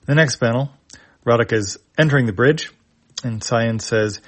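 A man reading a webcomic aloud panel by panel, in a plain, unhurried way. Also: medium pitch. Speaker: reader.

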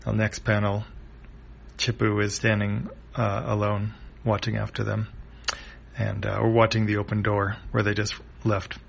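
A man's voice: lowish voice, monotone, a little slow, creaky. A man casually reading a comic aloud, describing each panel with some fillers. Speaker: comic reader.

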